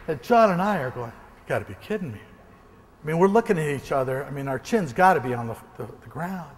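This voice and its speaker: Man, keynote speaker, animated storyteller, high-ish voice, long hall reverb. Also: moderate pace, slight background noise. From American Northwest. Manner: animated, acts out gunshots and quoted voices. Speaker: motivational speaker. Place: large hall before an audience.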